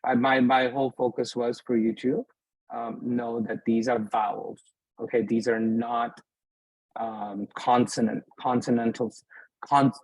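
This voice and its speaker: A man's voice: medium pitch, flat delivery, unhurried, a little mellow, husky, no room sound, rough recording. A man teaching beginners in a live class, patient, often checking that his students follow. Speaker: Arabic teacher. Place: mosque classroom.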